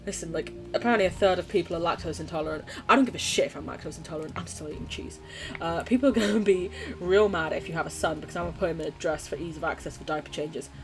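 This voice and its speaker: Over music, a young woman from the UK talks at a racing pace in a lowish voice, gaming on stream and chatting easily with viewers as she reads their comments. Swearing comes freely, and so does her laughter.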